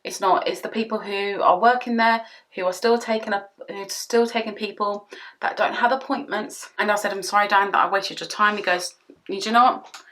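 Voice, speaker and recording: A woman's voice: medium pitch, steady tone, moderate pace, a bit bright. A young British woman vlogging casually while doing her makeup, rambling and exasperated as she retells her story. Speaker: beauty vlogger.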